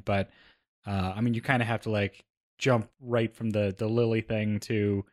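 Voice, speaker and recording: A man's voice: lowish voice, level tone, normal speed, darkish tone. Chatty man reviewing a film. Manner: chatty, acts out scenes in quoted voices. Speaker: podcast co-host. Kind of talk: casual movie-review chat.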